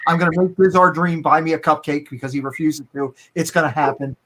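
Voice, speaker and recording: Middle-aged baltimore guy on a live stream, earnest and heartfelt, slightly high voice. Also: steady tone, fast talker, fairly bright tone, a little hiss or hum. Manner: earnest, heartfelt, repeats words. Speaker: guest. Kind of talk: casual chat on a live stream.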